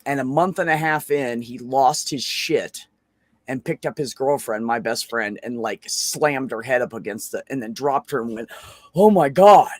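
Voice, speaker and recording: रूखी आवाज़ में गालियों भरी बातें करता आदमी. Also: male voice, medium pitch, moderate pace, no room sound. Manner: swears freely, rambling with many fillers. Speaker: open mic show host. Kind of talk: casual storytelling on a video call. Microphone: computer microphone on a video call.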